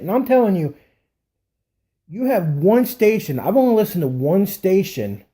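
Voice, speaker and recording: Lively, mellow-voiced podcast co-host. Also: male voice, high voice, normal speed. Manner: emphatic, agreeing, worked up. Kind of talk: casual sports talk.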